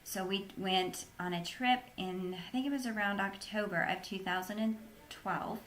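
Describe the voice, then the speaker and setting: A woman's voice: mid-range voice, fairly even intonation, normal speed, fairly bright tone, a little hiss or hum. A woman, an interview guest, recounting a personal story in an earnest, plain-spoken way.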